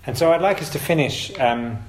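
A man's voice: medium pitch, animated, a little fast, slight background noise. Guy preaching casually in an echoey church room, chatty and emphatic, fixes his own words a lot. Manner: conversational, self-correcting, emphatic. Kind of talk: informal sermon. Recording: roomy echo.

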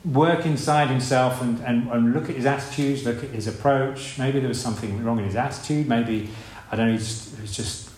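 A man's voice: mid-range voice, fairly quick, hardly any pauses, a little mellow, a little hiss or hum. Man preaching in an echoey room. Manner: conversational, rhetorical questions, acts out voices. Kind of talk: sermon. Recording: echoey room with faint ambience.

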